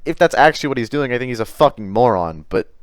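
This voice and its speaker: A man's voice: mid-range voice, expressive, quick pace, smooth, no echo, studio quality. A man doing commentary on chat messages, exasperated and profane, often stammering and restarting his sentences. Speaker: commentary YouTuber.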